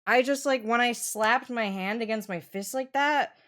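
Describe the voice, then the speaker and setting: A woman's voice: on the high side, normal speed, fairly bright tone. A young woman streamer chatting casually with her viewers, joking and swearing. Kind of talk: casual livestream chat.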